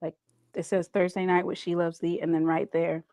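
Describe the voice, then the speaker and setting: A woman's voice: on the low side, level tone, normal speed, dark tone, no room sound, clean studio sound. A woman, hosting a casual livestream chat and playfully reading viewer comments. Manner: chatty, playful, reads viewer comments aloud. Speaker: livestream host.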